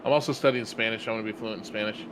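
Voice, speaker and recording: A man's voice: fairly low pitch, fairly even intonation, very fast, noisy background. A man co-hosting a sim racing stream with playful, self-mocking casual banter.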